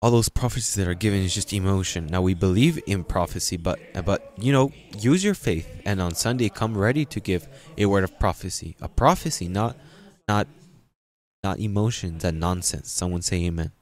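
Guy pastor preaching, lowish voice, keeps repeating himself and punching up the big lines. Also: normal speed. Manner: emphatic, repetitive, swings into loud peaks. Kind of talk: sermon.

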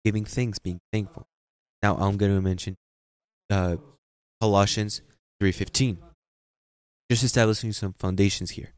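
A man preaching a sermon, repeating phrases for emphasis and reading scripture slowly. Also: fairly low pitch, fairly even intonation, smooth, no room sound. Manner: reads scripture slowly and deliberately. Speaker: pastor.

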